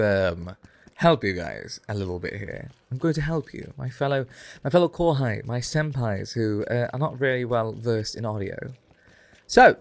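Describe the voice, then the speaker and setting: A man streaming a game, chatting in a rambling, animated way into a condenser mic close below his chin. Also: mid-range voice, vocal fry, no echo. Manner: rambling, animated, drifts off topic. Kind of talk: casual gameplay stream chat.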